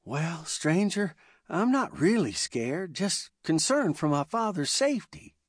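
A man's voice: sits high, sing-song, a little slow, slightly rough, dry recording, clean studio sound, exaggerated voice. A man voicing a proud, prim young frontier woman who speaks curtly.

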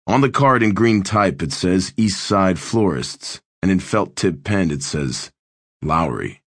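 A man narrating an audiobook in a measured, wry storytelling manner, recorded in a booth. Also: low-pitched, dry recording.

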